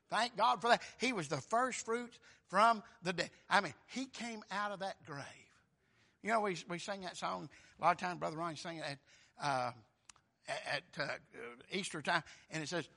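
An older preacher with a high, very bright, piercing voice. He delivers a sermon, dropping to low murmurs and then leaping into shouted, high-pitched exclamations. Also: normal speed, vocal fry.

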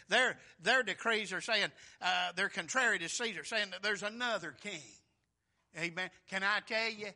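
A man preaching a sermon in a folksy, emphatic way, swinging between loud and soft. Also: high voice.

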